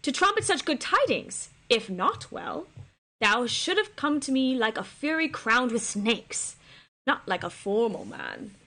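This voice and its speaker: Woman reading as cleopatra, moody bossy queen, slow dramatic shakespeare lines. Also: fairly high pitch, sing-song, pushed and bright, exaggerated voice. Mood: threatening. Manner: slow, deliberate, theatrical line delivery. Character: imperious, volatile queen Cleopatra, adult woman.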